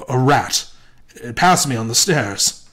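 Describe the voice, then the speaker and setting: A man voicing a frightened old husband who speaks in shaking, hushed tones. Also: mid-range voice, expressive, slow pace. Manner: trembling, hoarse whisper.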